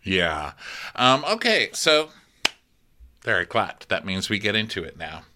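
A man's voice: fairly low pitch, big pitch swings, bright, forceful tone. A man co-hosting a podcast, making wry jokes and reading out his notes as he recaps a TV episode. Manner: wry, quick jokes, acts out silly voices. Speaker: podcast co-host. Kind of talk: casual recap chat.

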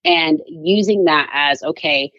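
A lowish-voiced woman in her thirties chats as an interview guest. She talks fast and animated, full of fillers. The sound is dry and a bit dull. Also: no room sound. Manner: animated, chatty, many "like"s and playful put-on voices. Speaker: author and guest. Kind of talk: casual interview chat.

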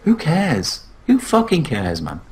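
A man's voice: fairly high pitch, wildly swooping pitch, takes it slowly. A man co-hosting a podcast, arguing bluntly and dismissively with lots of swearing. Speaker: podcast co-host. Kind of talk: heated casual argument.

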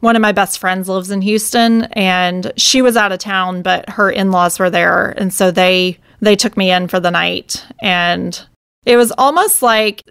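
A woman's voice: mid-range voice, measured pace, vocal fry, a bit bright, clear, resonant tone, no room sound, studio quality. Heartfelt woman telling her story. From United States. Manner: emotional, reflective, heartfelt. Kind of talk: personal storytelling.

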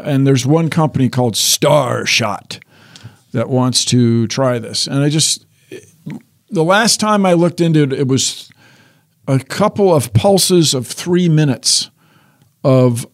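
Older man explaining science, wry and bright. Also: a little high, animated, slow pace. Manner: explanatory, wry, often restarting sentences. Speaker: science guest. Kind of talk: casual chat.

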